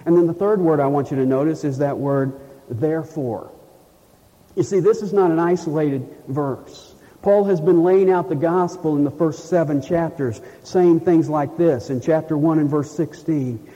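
Pastor guy preaching, kinda high but really dark mellow tone, lo-fi echoey church sound. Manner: emphatic preaching, slows down for scripture quotes. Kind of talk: sermon. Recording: dull, lo-fi sound with long reverb in a hall.

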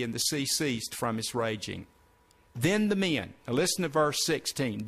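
A man's voice: mid-range voice, fairly bright tone. A man preaching, reading scripture aloud and stopping to explain it to his listeners. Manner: reads verses then breaks in to explain. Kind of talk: sermon reading scripture with commentary.

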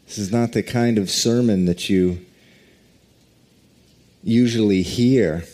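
Male pastor, sermon delivery, low mellow voice, unhurried. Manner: slow, deliberate preaching with drawn-out emphasis and quiet prayer.

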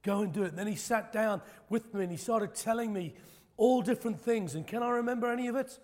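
A man's voice: extremely high pitch, a little fast, a little mellow, long reverb tail. A man preaching a sermon, moving from prayer to a personal testimony, impassioned and emphatic, with self-deprecating jokes. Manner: self-deprecating, joking asides.

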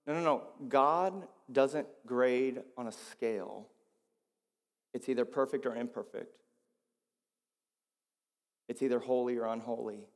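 A man preaching a sermon as pastor, swinging between quiet, low passages and loud, emphatic ones. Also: a little slow, pauses often, big-room sound.

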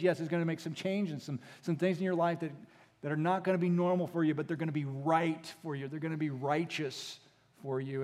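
A man preaching a sermon as pastor, moving between hushed, intimate passages and rising, emphatic exhortation. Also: on the high side. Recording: long hall reverb.

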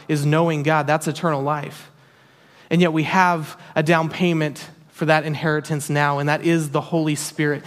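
A man preaching a sermon in an earnest, emphatic way, repeating key phrases for weight. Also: on the high side. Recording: long hall reverb.

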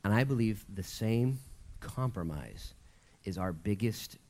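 Man, pastor, casual sermon, lively storytelling. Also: fairly low pitch, unhurried.

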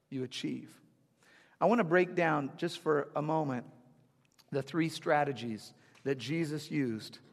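Storytelling preacher in a reverberant sanctuary. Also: male voice, fairly high pitch. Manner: storytelling preacher acting out quoted voices. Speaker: pastor. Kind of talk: sermon. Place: church sanctuary. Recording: long hall reverb.

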